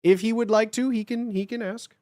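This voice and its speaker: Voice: mid-range voice, steady tone, brisk, darkish tone, no room sound, studio quality. A livestreamer talking casually with chat, reassuring and blunt, often repeating lines and joking.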